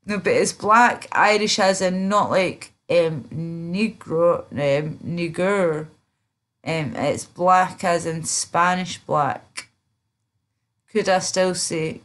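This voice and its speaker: A woman's voice: fairly low pitch, takes it slowly, fairly bright tone. A woman livestreaming in casual chat, drowsy and rambling, with many fillers and trailing off. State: drowsy, slurred.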